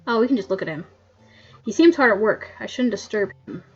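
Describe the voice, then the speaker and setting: A woman's voice: medium pitch, animated, brisk, breathy edge. Playful giggly woman on a muffled mic. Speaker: game streamer. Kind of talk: gameplay commentary.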